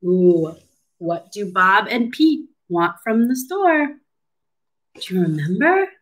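In a rough recording, a woman reads a children's storybook very slowly, her pitch lively and swooping. Like a patient speech clinician, she is animated and teacherly, stopping to ask the little ones questions and coach them.

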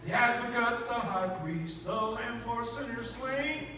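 A man preaching a sermon as bishop, talking with emotion and breaking into shouts and snatches of hymn. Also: very high voice, a little slow. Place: church sanctuary. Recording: echoey church from far off, with noise.

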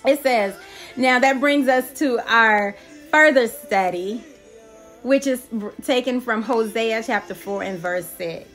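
Fast-excitable woman reading a devotional. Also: on the high side. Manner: excitable, exclamatory, laughs often. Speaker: devotional reader. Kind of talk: reading and commenting on a daily devotional. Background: faint worship music.

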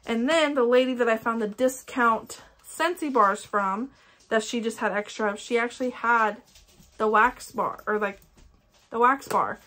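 A young woman with an Ohio accent chats casually and enthusiastically while reviewing scented wax melts for her candle-collecting vlog. Her voice is on the high side, bright and forceful, and a little slow.

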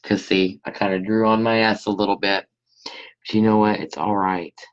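A woman's voice: extremely low pitch, fairly even intonation, normal speed. A woman hosts a casual live crafting stream from her home craft room. She chats with her viewers between steps, keeping an easy, friendly running commentary. The recording is dull and lo-fi. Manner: chatty, talks to viewers while working. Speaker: scrapbooking host. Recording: dull lo-fi sound.

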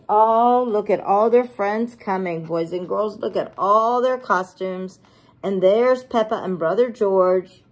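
A preschool teacher reading a picture book aloud to young children, animated and gushing as she talks to them. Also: medium pitch, takes it slowly.

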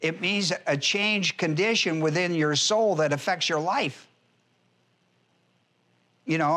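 A man's voice: a little high, takes it slowly, long pauses, sharp tone. A man pastor giving an expository Bible lesson, emphatic and repetitive, spelling out Greek words as he teaches.

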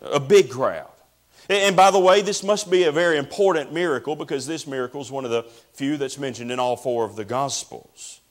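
Earnest preacher, man. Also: mid-range voice. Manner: earnest preaching, drawn-out emphasis, addresses listeners as friend. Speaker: pastor. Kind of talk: sermon.

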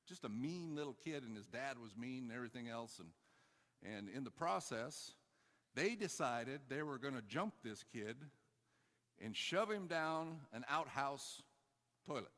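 A man preaching to his congregation in a church hall with a long ringing reverb. He tells a story with energy, swinging from loud exhortation down to soft, half-muttered asides, his pitch sitting in an everyday middle range. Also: lively intonation, measured pace. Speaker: pastor. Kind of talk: sermon.

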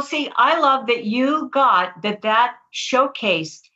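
A woman guest on an interview podcast, telling stories in an animated way and laughing often. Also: fairly high pitch, slow pace, few pauses. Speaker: guest author. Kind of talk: storytelling interview. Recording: dull lo-fi audio.

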